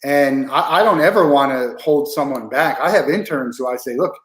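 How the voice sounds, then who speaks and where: A man's voice: medium pitch, moderate pace, a bit bright. A man hosting an interview, talking casually with lots of fillers and restarts. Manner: conversational, many fillers and restarts. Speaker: podcast host. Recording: echoey room.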